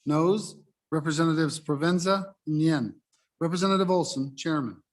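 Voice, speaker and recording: A man serving as reading clerk, reading bill titles and committee reports in a steady, listing manner. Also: a little high, moderate pace. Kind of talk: formal reading aloud. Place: legislative chamber.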